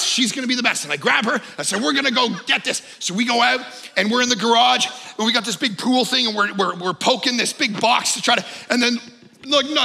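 A man preaching a sermon, telling a story with lively energy, sometimes shouting and sometimes dropping low. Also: creaky, big-room sound. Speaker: pastor.

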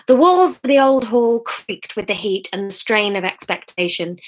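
On a home live stream, a woman with a medium-pitched voice reads aloud from her own comic novel. She's lively and chatty, laughing at her own slips between passages.

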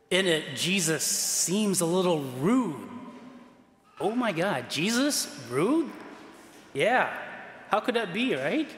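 Chatty priest in an echoey church. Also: male voice, a little high, fairly bright tone, a little hiss or hum. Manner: chatty, with fillers and laughs. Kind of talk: conversational sermon. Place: large church.

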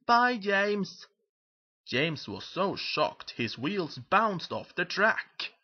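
Husky man reading a picture book. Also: fairly high pitch, slow pace, dull audio. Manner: lively, expressive storytelling. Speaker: storybook narrator.

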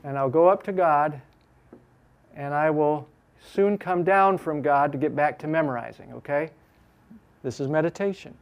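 Man teaching a Bible class, higher voice. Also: dull audio. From Chicago. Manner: repeats verse phrases slowly with emphasis, then talks fast and lively.

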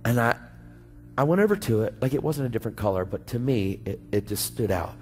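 A man preaching a sermon, telling a story in a slangy, animated way and acting out both sides of the conversation. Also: medium pitch, brisk. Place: church sanctuary. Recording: church hall reverb with faint music.

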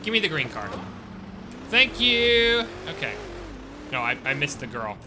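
A man giving casual live-stream commentary while playing a game, chatting with viewers and breaking into sudden excited outbursts. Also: medium pitch, quick pace, over music. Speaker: gaming streamer.

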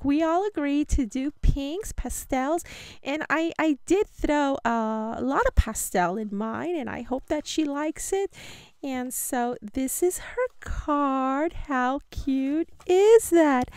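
A woman's voice: high-pitched, a little mellow, no room sound. A woman unboxing a craft swap on camera, gushing and giddy, exclaiming and laughing often. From United States. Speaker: paper crafting vlogger. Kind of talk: casual unboxing chat to camera.

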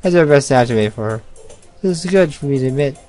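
Man reading game text aloud, middle pitch. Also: lively intonation, quick pace, dark tone, soft background music. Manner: reads dialogue and narration aloud, breaks off to joke and react. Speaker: let's play gamer. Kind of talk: reading a visual novel aloud with reactions.

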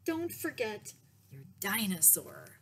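A woman's voice: mid-range voice, huge pitch swings, slow, slight background noise, heavily acted. A woman voicing a friendly, reassuring bakery lady in a picture book read-aloud. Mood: sweet.

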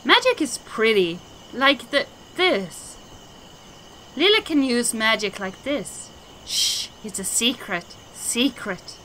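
A woman's voice: a little high, big pitch swings, slow pace, a bit bright, a little hiss or hum, full character voice. A woman voicing a mad old shaman, Lilac. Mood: hushed. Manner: refers to himself in the third person; broken, childlike phrasing. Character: mad old male shaman, childish and boastful. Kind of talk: game dialogue voicing.

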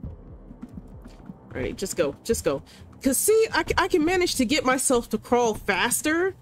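A female gamer talks into a desk mic during a let's-play, her voice pitched fairly high. She's excitable, shouting commands at the game and bantering in casual slang.

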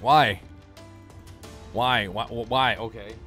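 A man's voice: medium pitch, slow pace, pushed and bright, soft background music. A young man doing casual gameplay commentary, joking around and laughing. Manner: joking, laughing, trying silly accents. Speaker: gaming YouTuber.

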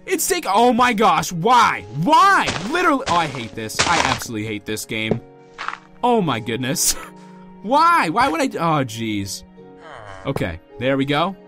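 A man's voice: on the high side, wildly swooping pitch, measured pace, music in the background. A man giving let's play commentary as a channel host, pleading, exasperated and melodramatic.

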